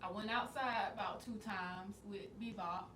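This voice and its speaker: A woman co-hosting a casual podcast, telling stories in a relaxed, rambling way. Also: medium pitch, normal speed. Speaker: podcast co-host. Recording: roomy, distant mic with faint noise.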